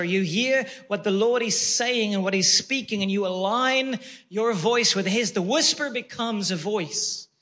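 A man's voice: high voice, sharp tone. A man preaching a sermon with emphatic, repeated phrases and words he stretches out for weight. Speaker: pastor.

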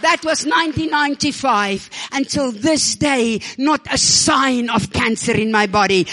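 A woman preacher telling her story in an animated sermon, calling on the congregation to respond, her voice a little rough from a damaged vocal cord. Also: high-pitched, unhurried, few pauses, some chatter behind, slight background noise. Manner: animated storytelling, calls for amens and praise.

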